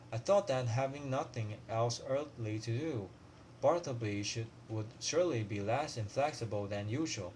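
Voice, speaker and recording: A man reading a classic story aloud as a student, at a steady pace with frequent slips and restarts. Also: medium pitch, a little hiss or hum. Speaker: student reader.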